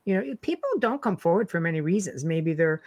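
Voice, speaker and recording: A reflective, chatty host with a mid-pitched voice muses and asks questions, laughing easily. The sound is dry and close, with no room echo. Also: animated, fairly quick, darkish tone. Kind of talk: interview, casual chat.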